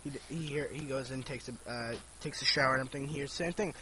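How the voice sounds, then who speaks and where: An excitable man loudly rambling through a joke as a gameplay commentator. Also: medium pitch, quick pace, background noise. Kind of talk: casual joke-telling.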